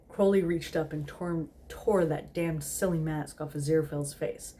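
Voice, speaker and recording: A woman's voice: low voice, steady tone, normal speed, hardly any pauses, warm tone. A woman casually reading a story aloud, stumbling and repeating words, with giggly asides. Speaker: host reading fan fiction aloud.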